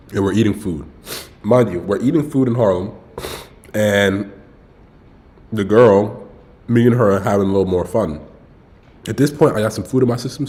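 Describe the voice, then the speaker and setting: Young man, lowish voice, casual livestream storytelling, slangy, swears a lot. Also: darkish tone. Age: young adult. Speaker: streamer.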